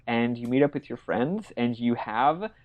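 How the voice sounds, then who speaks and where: A man's voice: mid-range voice, lively intonation, unhurried, narrow, tinny audio, a crowd in the background. A man co-hosting a podcast, casually recapping a game's plot and acting out characters' lines with laughs and swearing. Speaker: podcast co-host. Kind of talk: casual chat recapping a game.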